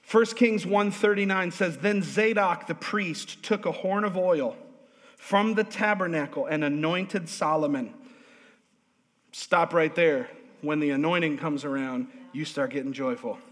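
A male pastor preaching a lively, humorous sermon in a church, drawing responses from the congregation. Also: on the high side, measured pace. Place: church sanctuary. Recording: long hall reverb.

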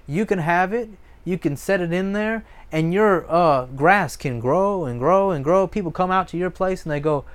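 A pastor preaching a sermon, his voice pitched somewhat high for a man. He talks in an emphatic, repetitive way, hammering phrases home and slipping into lively asides. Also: moderate pace, few pauses, clean tone.

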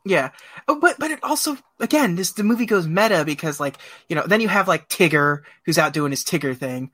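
A man's voice: sits high, animated, a little fast, pushed and bright. A man co-hosting a podcast, chatting casually about a film, rambling with many fillers and frequent laughter. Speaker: podcast co-host.

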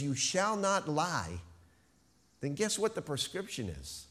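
A man preaching a sermon, stressing key words with slow, emphatic phrasing. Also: medium pitch, wildly swooping pitch, fairly bright tone. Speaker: pastor.

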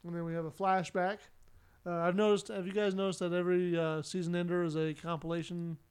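A man's voice: high-pitched, flat delivery, brisk, clean tone. A man casually recapping a sitcom episode for a podcast, narrating the plot with lots of "uh" fillers.

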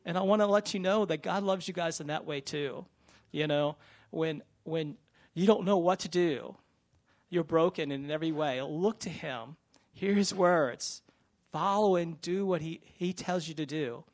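A man's voice: fairly high pitch, measured pace. A man sharing a personal testimony in church, earnest and conversational. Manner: earnest, conversational, with fillers and restarts.

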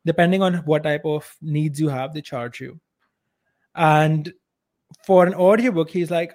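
At a measured pace and fairly high pitch, this Indian-accented man chats on a podcast he co-hosts. He's outspoken and blunt, holding strong opinions, with uneven loudness throughout the casual talk.

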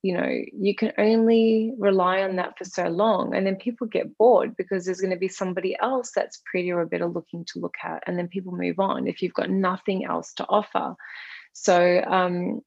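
A calm, soft-spoken woman with an Australian accent, chatting casually as a guest. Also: fairly low pitch, moderate pace, vocal fry, breathy edge, no echo. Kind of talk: casual chat. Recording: slightly dull lo-fi sound.

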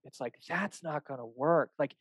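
A young man talks shop as a fitness coach, animated and loose, slipping into quick acted-out exchanges with clients. His voice sits a touch high for a man. The sound is dry and close with no room around it. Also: slightly rough, no room sound, low-quality recording. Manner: animated, acts out client dialogues, swears casually. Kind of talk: casual podcast chat.

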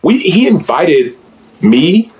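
Animated man telling a story, dull audio. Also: slow pace. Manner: energetic, rising into a higher voice when retelling. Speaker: guest, former pro athlete and author.

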